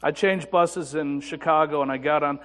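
A man preaching a sermon as a pastor, telling a personal story with dry humor and soft, reflective passages. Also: a little high, fairly even intonation, moderate pace. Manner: personal storytelling with self-deprecating humor and hushed reflective moments. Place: church sanctuary. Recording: church sanctuary with long reverb.

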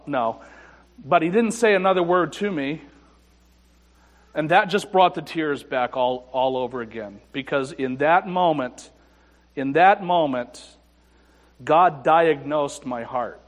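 A male pastor telling a personal story in a sermon, moving between quiet reflection and emphatic moments. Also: a little high, expressive, slow, long pauses, long reverb tail.

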